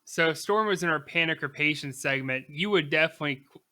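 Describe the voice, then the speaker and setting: A young man co-hosting a casual sports podcast in a bright, forceful voice that sits a little high. He talks emphatically and with animation, laughing easily between his points. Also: fast. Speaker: podcast co-host.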